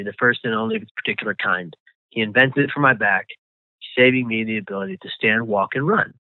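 A man recounts his own survival story as an interview guest, often halting and repeating words. His voice comes through a thin, phone-like line. The sound is dry and close, with no room around it. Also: fairly low pitch, no echo.

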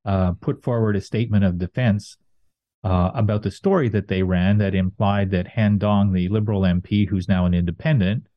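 A man's voice: lowish voice, steady tone, moderate pace, no echo, muffled recording. A middle-aged man giving thoughtful political commentary, hedging often with fillers.

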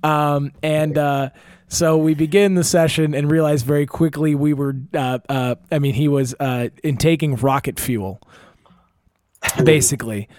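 Young man, casual storyteller, rambling and swearing, slightly high voice, dry close sound. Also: steady tone, measured pace, darkish tone, no room sound. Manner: rambling, profane, laughing, many fillers and restarts.

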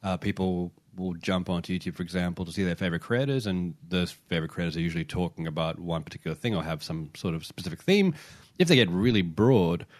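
Male podcast co-host, very low voice, close dry mic, chatty and explanatory. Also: fast talker, dry recording. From Britain or Commonwealth, says niche the non-American way. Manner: explanatory, many fillers and restarts. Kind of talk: casual podcast chat.

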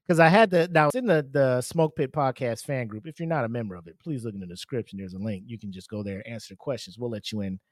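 Man, solo podcast host, loose and profane, middle pitch, dry close sound. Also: no echo. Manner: profane, laughs often, rambling with fillers. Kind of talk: casual solo podcast commentary.

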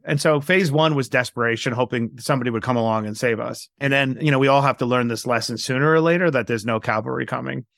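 Gravelly man telling animated stories. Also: medium pitch, no echo, clean studio sound. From New York, USA. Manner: animated, acts out quoted dialogue. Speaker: guest entrepreneur. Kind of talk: candid storytelling interview.

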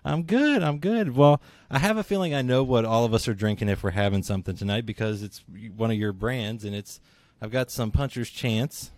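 A man hosting a casual interview over a video call, easygoing and quick to laugh. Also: medium pitch, no echo. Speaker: show host.

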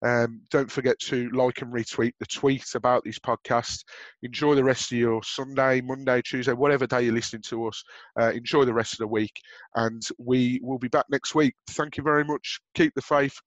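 A man's voice: mid-range voice, level tone, normal speed, dry recording, dull audio. A man with a Birmingham accent co-hosting a football podcast, chatting casually with frequent fillers and restarts. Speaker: podcast co-host.

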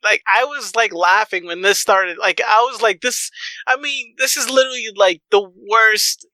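A man's voice: sits high, normal speed, sharp tone, no room sound, poor audio. A man co-hosting a casual true-crime podcast, skeptical and full of "like" fillers, from the Boston area. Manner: skeptical, talks with many "like" fillers. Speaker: podcast co-host.

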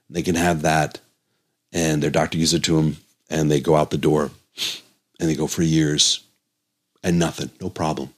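A man hosting his own health podcast as a doctor, speaking in an earnest, emotional, pleading monologue. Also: extremely low pitch.

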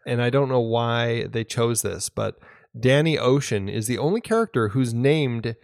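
A man in casual film talk, eager and rambling, with frequent restarts as his thoughts run ahead of him. His voice sits at an ordinary middle pitch. The sound is close and dry, with no room around it. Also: lively intonation, moderate pace, creaky, darkish tone, no room sound. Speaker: podcast co-host.

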